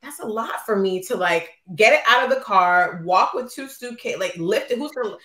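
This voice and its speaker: A woman's voice: mid-range voice, animated, moderate pace, bright, forceful tone, reverberant. A woman co-hosting a podcast, talking candidly and emotionally about a friendship, often acting out what was said. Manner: candid, emotional, acts out quotes. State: postpartum. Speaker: podcast co-host. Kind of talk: casual chat.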